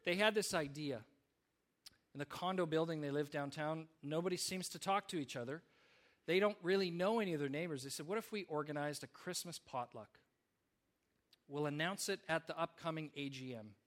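A man's voice: a little high, a little fast, a bit bright. A man preaching a sermon, telling stories in an earnest way with small restarts. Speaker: pastor.

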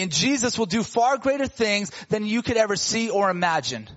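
A man preaching a sermon, retelling a story with lively casual slang and acting out the characters' voices. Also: sits high, normal speed, highs cut off.

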